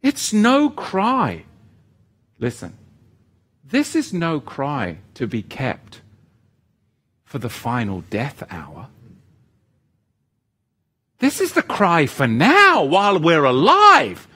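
A man preaching a sermon, animated and asking his congregation rhetorical questions, swinging between loud exhortation and hushed asides. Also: on the high side, slow pace, long pauses, husky.

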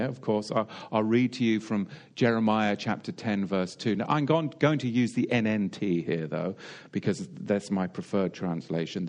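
A man's voice: fairly low pitch, darkish tone. A British man preaching a sermon in a wry, digressive way, full of rhetorical questions and asides. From Britain.

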